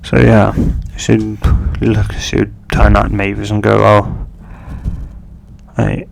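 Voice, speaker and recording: A man telling a fan fiction story aloud, in a halting way full of fillers and restarts. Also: lowish voice, completely flat delivery, gravelly, a little mellow, slight background noise.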